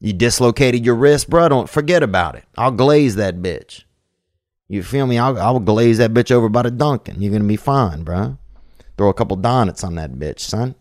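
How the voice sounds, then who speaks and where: A man's voice: medium pitch, expressive, a little fast, a little mellow, no room sound, clean studio sound. A man hosting a podcast, talking casually in loose slang with lots of fillers and restarts. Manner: loose slangy talk, many fillers and restarts, crude jokes. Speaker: podcast host taking voicemail calls. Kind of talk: casual rambling chat.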